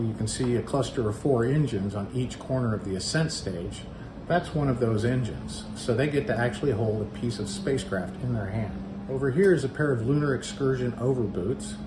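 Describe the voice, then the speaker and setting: Animated museum guide man. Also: on the low side, roomy sound, background noise. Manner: lively, animated storyteller. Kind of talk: museum tour talk. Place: museum gallery.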